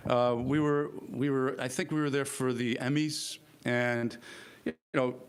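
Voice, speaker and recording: A man's voice: medium pitch, unhurried, smooth. A man born in Italy and raised in New Jersey, an actor telling stories in a casual chat, repeating words and acting out quotes. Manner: rambling, repeats words, animated quoting. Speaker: actor guest.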